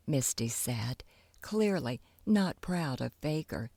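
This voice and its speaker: A woman narrating a children's audiobook with animated storytelling. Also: a bass voice, takes it slowly, gravelly, husky, dry recording.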